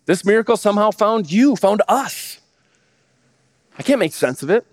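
A man in his thirties, a pastor, preaching a sermon with lively rhetorical questions that he answers himself. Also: high-pitched.

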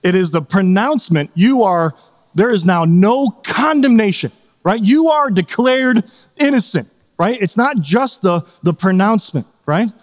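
A middle-aged man preaching in a loose, conversational way, with a voice sitting a little high for a man. He keeps checking in with his listeners and slips into quick acted-out scenes. The sound carries a long, hall-like reverb. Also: animated. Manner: conversational, asks "right?" often, acts out quotes. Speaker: pastor. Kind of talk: sermon.

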